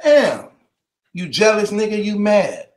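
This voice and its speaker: A man's voice: high voice, big pitch swings, takes it slowly, echoey room. A man delivering a mocking rant to the camera, taunting and repeating his jabs and breaking into laughter between them.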